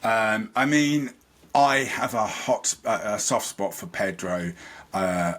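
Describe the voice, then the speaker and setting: A man's voice: on the low side, steady tone, takes it slowly, fairly bright tone. A man, a podcast guest, chatting casually and rambling about things he is a fan of. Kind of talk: casual chat.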